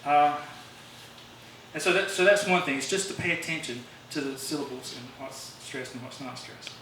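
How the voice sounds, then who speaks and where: This is a man's voice on the high side, moving at a moderate pace with a somewhat bright quality. He rambles through an informal songwriting talk for a club meeting, restarting and using fillers. A distant mic in a very echoey meeting room picks him up, along with faint hiss.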